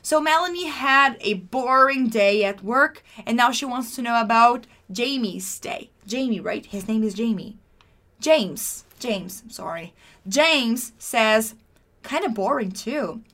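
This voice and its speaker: A woman's voice: a little high, animated, unhurried, bright, forceful tone. A woman teaching English, explaining a class dialogue patiently and repeating key phrases for learners.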